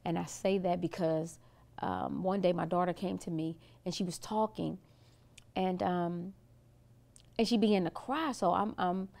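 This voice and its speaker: Middle-aged woman, pastor guest, earnest storyteller, some vocal fry. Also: on the low side, fairly even intonation, a little slow, darkish tone. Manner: earnest, storytelling, frequent restarts. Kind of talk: casual interview talk.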